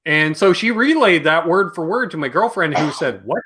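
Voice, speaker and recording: Bright-voiced joking livestream host. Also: male voice, fairly high pitch, lively intonation, normal speed. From Canada. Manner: jokey, greets chat viewers by name. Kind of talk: casual livestream chat.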